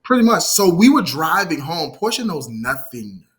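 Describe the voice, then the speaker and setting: A man's voice: a little high, moderate pace, a crowd in the background. A man in his thirties, a guest in a casual interview, telling a story with energy and acting out what others said. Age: 30s. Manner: animated, acts out quoted dialogue, frequent "you feel me". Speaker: guest, former assistant.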